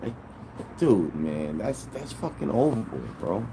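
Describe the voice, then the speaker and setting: Livestreaming to his viewers, a man rambles in an aggrieved tone and swears heavily as he chats casually. His lowish voice is very animated but measured in pace, over a noisy background.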